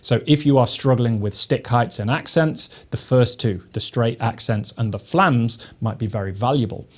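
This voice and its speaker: A man giving a drum lesson, explaining technique in a measured, methodical way. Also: medium pitch. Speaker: drum teacher. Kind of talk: instructional lesson.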